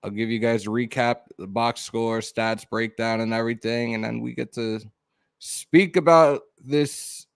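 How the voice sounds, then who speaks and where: A man hosting a live sports podcast, talking loud and excited with plenty of swearing. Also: medium pitch, moderate pace, gravelly, hardly any pauses, clean tone, no echo, studio quality. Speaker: podcast host. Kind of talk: casual live-stream chat.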